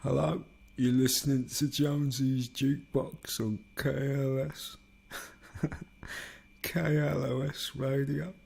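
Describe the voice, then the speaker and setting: A man with a Liverpool accent putting on the drawn-out announcer delivery of a male radio DJ. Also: medium pitch, level tone, creaky, darkish tone, husky, voice pushed up, exaggerated voice. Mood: announcing. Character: smooth-talking male radio DJ, slow and showy. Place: home studio in a block of flats.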